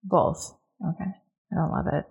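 A woman's voice: fairly low pitch, steady tone, normal speed, creaky, a little mellow, husky. A woman playing a tabletop game, blunt and joking. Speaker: player. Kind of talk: casual tabletop play.

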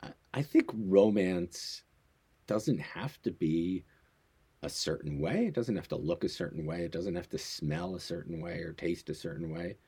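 Deep, husky-voiced playful American man. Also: moderate pace, warm tone. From United States. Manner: laid-back, playful, laughs often. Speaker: podcast co-host. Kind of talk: casual chat.

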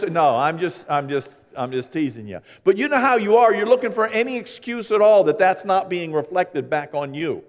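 A man preaching a sermon, telling folksy stories and swinging between hushed and loud, animated delivery. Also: sits high, moderate pace, few pauses. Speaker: pastor. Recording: long hall reverb.

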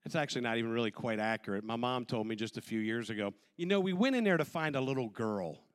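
Animated man in his forties telling a story. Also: medium pitch, fast talker, clear, resonant tone. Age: 40s. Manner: animated storyteller who acts out quoted voices. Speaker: speaker sharing a testimony. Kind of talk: personal testimony storytelling.

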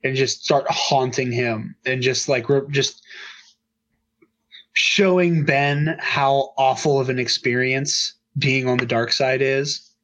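A man's voice: medium pitch, fairly even intonation, takes it slowly, a bit bright, highs cut off. A man co-hosting a casual podcast chat, talking upbeat and rambling with lots of fillers. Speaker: podcast co-host.

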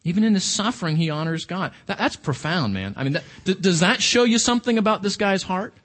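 A man's voice: high-pitched, animated, brisk, fairly bright tone. A man preaching a sermon in a conversational, emphatic way, with rhetorical questions to his listeners.

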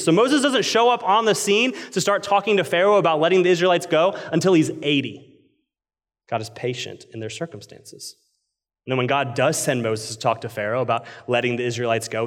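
A man in his thirties preaching a sermon, telling a story with animated swings from loud excitement to quiet intensity. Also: a little high. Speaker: pastor. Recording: long hall reverb.

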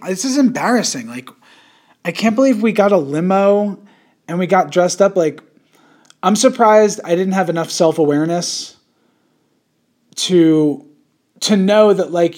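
High-voiced joking male podcast host. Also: darkish tone. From suburbs of New York City. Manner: crude joking, puts on an old-timey voice. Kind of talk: casual podcast chat.

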